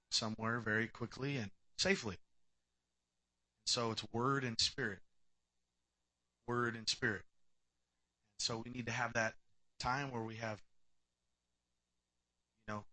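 A man with a medium-pitched voice preaches an animated, conversational sermon. He acts out short snatches of dialogue and swings from loud bursts to quiet asides.

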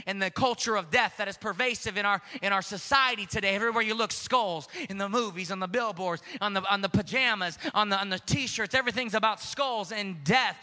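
A man's voice: high-pitched, sharp tone, long reverb tail. A man preaching a sermon in a church sanctuary, emphatic, with call-and-response and repeated words. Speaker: pastor.

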